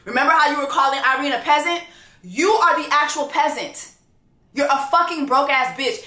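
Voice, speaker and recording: Woman, reality show reviewer, profane animated rant, high-ish voice, roomy echo. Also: moderate pace. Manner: loud, profane, animated ranting. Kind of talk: casual reaction commentary.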